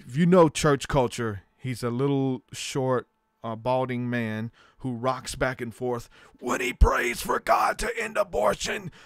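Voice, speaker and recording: A man at medium pitch speaks with a clean tone in clean studio sound, with no room sound at all. As a podcast host in casual chat, he tells rambling stories packed with fillers.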